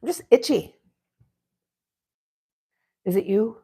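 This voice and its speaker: A woman hosting a casual livestream from home, chatting in a relaxed way and talking to her dogs now and then. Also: fairly high pitch, slow, breathy edge. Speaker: livestream host. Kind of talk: casual live-stream chat.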